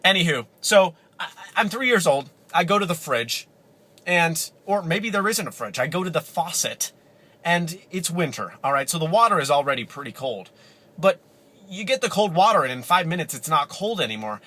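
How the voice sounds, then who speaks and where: A man's voice: on the high side, lively intonation, a little fast, pushed and bright. A man talking to the camera in a casual, rambling monologue, exaggerating and interrupting himself as he jokes. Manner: rambling, hyperbolic, self-interrupting, jokey. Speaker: vlogger.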